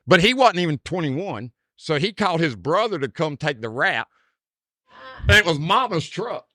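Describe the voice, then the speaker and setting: A man's voice: a little high, sing-song, normal speed, pushed and bright, dry recording, clean studio sound. A man, hosting a podcast and rambling through a story in casual chat, full of "dude" and "like.". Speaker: podcast host.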